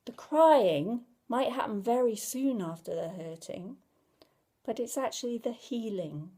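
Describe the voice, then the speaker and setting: Gentle, reassuring woman with a mellow voice. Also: a little high, lively intonation, measured pace. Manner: gentle, reassuring, conversational with many fillers. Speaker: parenting educator. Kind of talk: informal talk to camera.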